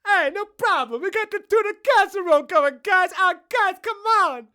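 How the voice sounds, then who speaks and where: Squeaky hyper guy, high and bright, super eager. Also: normal speed, full character voice. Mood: hyped. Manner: excited, pleading. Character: hyped-up high-pitched eager man.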